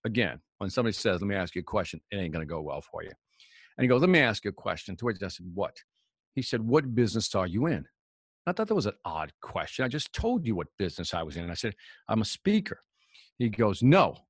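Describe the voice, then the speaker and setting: A man, a professional speaker, telling a lively story in an interview and acting out the dialogue. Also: lowish voice, fast talker, dry recording, studio quality.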